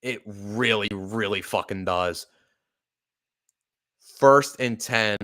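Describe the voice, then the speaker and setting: A play-by-play podcast host with a smooth, fairly low voice calls the action live for fans at an unhurried pace. He swears and sounds apologetic and upset, with bursts of excitement on plays.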